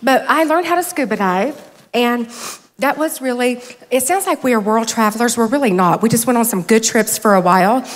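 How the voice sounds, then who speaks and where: High-voiced, chatty woman in her fifties. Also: a little fast. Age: 50s. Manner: chatty, self-deprecating, teary. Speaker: conference speaker. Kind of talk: conference talk with humorous stories. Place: large hall with stage. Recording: long hall reverb.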